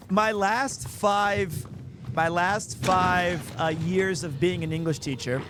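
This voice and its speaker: Noticeable background noise accompanies a man who speaks slowly in a high voice while streaming a game. His commentary is casual, full of jokes for his viewers and frequent bursts of laughter.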